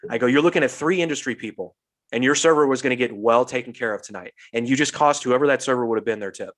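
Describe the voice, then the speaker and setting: Young guy on a podcast, animated storyteller, swears a lot, does the voices, normal pitch. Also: quick pace. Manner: animated storyteller, swears freely, acts out quotes. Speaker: podcast host. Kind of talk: casual storytelling chat.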